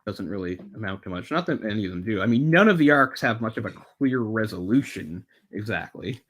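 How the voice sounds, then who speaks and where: A man's voice: lowish voice, lively intonation, fairly quick, fairly bright tone. Rambling wry man discussing a film. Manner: rambling, wry, swears casually. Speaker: podcast co-host.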